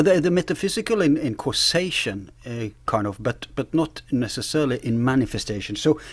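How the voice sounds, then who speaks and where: A man's voice: mid-range voice, dry recording. A man as an interview guest, earnestly explaining ideas while searching for his words. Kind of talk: conversational interview.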